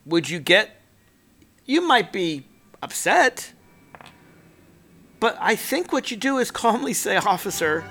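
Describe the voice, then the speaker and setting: A man's voice: high-pitched, big pitch swings, takes it slowly, long pauses, sharp tone. A man hosting a political commentary show, making his points emphatically and mimicking people mockingly. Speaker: political talk show host.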